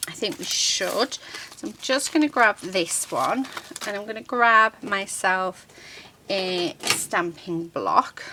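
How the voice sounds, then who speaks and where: Bright-voiced woman leading a slow, chatty crafting tutorial. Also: medium pitch, slight background noise. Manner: chatty, unhurried, many ums and restarts; talks while working with her hands. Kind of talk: casual step-by-step crafting tutorial.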